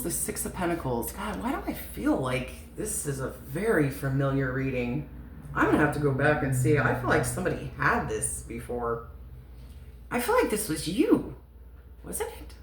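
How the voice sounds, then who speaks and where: A woman giving a casual tarot reading, chatty and emotional, swearing and laughing often. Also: low voice. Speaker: tarot reader. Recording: echoey room with faint noise.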